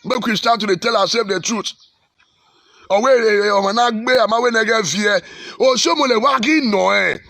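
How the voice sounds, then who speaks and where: A man's voice: high voice, fairly even intonation, a little fast, fairly bright tone, dry recording, clean studio sound. A man with a Nigerian accent, a pastor delivering fiery, repetitive exhortation on the state of his country. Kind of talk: impassioned social commentary.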